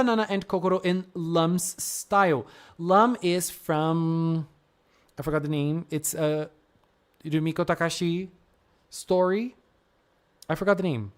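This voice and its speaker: A woman streamer chatting casually on a live stream, gushing effusively with frequent exclamations, laughs and gasps. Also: lowish voice. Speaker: streamer reviewing fan art.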